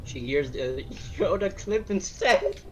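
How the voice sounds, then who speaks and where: A man's voice: sits high, expressive, takes it slowly, darkish tone, dull audio, faint music behind. A man co-hosting a game stream, bantering casually and teasing with a running gag. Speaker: co-host chatting on a game stream.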